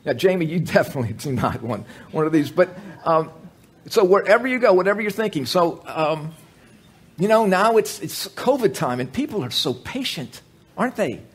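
A man preaching a sermon, joking with the congregation and telling animated stories, with many fillers and restarts. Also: fairly high pitch, moderate pace, husky.

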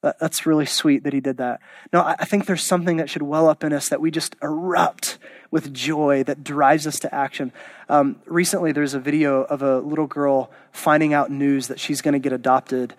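A man's voice: on the high side, level tone, moderate pace, no room sound. A man preaching a sermon as a pastor, passionate and emphatic, his voice rising into exclamations. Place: church auditorium.

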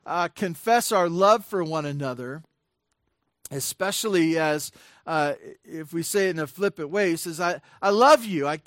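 Male pastor, talky sermon delivery, slightly high voice, dry close recording. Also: moderate pace, fairly bright tone, dry recording. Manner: conversational preaching with frequent fillers and restarts; rises to emphatic bursts on key points.

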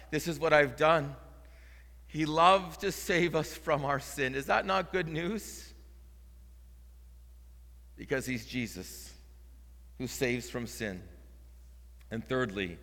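Fervent male preacher in a reverberant church. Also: medium pitch. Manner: earnest, swings from quiet storytelling to loud fervent proclaiming. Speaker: interim preaching pastor. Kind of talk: sermon. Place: church sanctuary.

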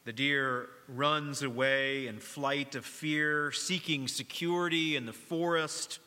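A middle-aged man, a pastor preaching a sermon in a church, speaking earnestly, dropping to a hush and then rising to emphasis. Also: mid-range voice, long reverb tail. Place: church sanctuary during worship.

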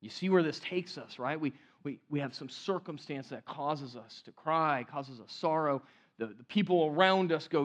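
Male pastor, high-pitched, conversational sermon delivery with hushed emphatic drops. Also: moderate pace, dull audio.

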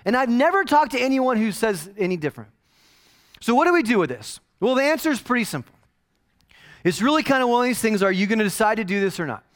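A man in his forties, pastoring a church, gives a casual, joking sermon full of mock-quoted asides. His voice is very high-pitched, swings widely in pitch, and moves fast, giving it a conversational feel.

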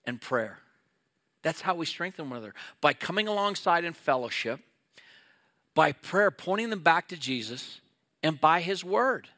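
A man's voice: a little high, animated, measured pace, sharp tone. A middle-aged male pastor preaching a sermon in an earnest, conversational way, acting out little quoted exchanges.

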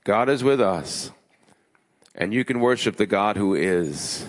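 A man's voice: lively intonation, measured pace. Emphatic male pastor in reverberant hall. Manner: emphatic, builds lists with rising pitch. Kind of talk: sermon.

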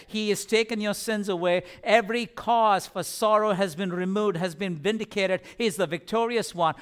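Male pastor, earnest sermon delivery, clear resonant tone. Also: high voice, a bit bright. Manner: earnest, repeats phrases for emphasis, stumbles at times.

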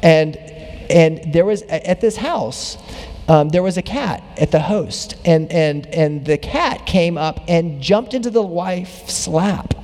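A man's voice: a little high, takes it slowly, a little mellow, long reverb tail. A man pastor delivering a conversational sermon in a church, with dry jokes and easygoing asides. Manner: conversational preaching with self-deprecating jokes. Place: church sanctuary.

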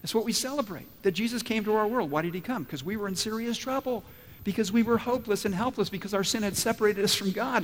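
A man's voice: high-pitched, fast talker, slight background noise. A man preaching a sermon as pastor, telling stories with acted-out quotes and asking emphatic questions. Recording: long hall reverb.

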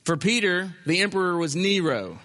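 Male pastor, sermon delivery, high bright voice, reverberant hall. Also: moderate pace. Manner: animated, acts out an imagined objector.

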